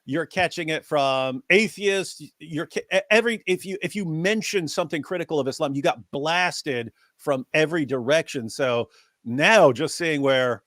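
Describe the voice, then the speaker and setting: Animated man, higher voice, dry. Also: dry recording. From United States. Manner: animated, rambling with restarts, rising excitement when quoting others. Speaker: co-host. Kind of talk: casual live-stream discussion.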